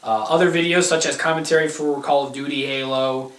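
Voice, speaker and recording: A young man co-hosting a casual gaming chat, deadpan and blunt, swearing, sometimes breaking into excited rants. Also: on the high side, fairly quick, distant mic. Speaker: co-host. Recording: echoey room.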